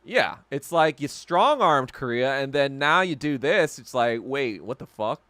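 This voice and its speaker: A man's voice: medium pitch, sing-song, a little slow, fairly bright tone, no echo. A man hosting a podcast, ranting and swearing in casual chat with viewers and laughing often. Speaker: podcast host. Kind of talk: casual livestream chat reacting to viewer comments.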